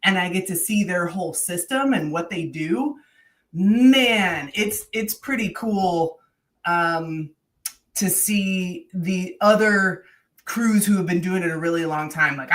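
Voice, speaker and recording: A woman's voice: lowish voice, a bit bright. A woman co-hosting a running podcast, telling stories in an upbeat, chatty way. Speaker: podcast co-host. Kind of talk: casual chat. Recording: voice a bit far from the mic.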